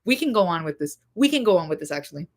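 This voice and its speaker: A young woman hosting a casual livestream, chatting in a rambling, expressive way with lots of fillers. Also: fairly low pitch, rapid-fire. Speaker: livestream host.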